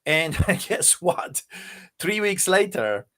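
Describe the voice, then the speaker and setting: Forceful accented pastor telling a story. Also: male voice, high-pitched, big pitch swings, slow pace. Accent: noticeable non-native English accent. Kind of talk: passionate storytelling.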